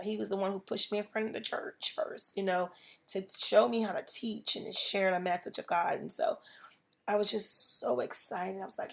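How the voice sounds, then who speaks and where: A woman's voice: medium pitch, vocal fry. A woman, hosting a podcast and speaking tenderly and earnestly to listeners with many "you know" fillers. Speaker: podcast host. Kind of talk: personal reflection to listeners.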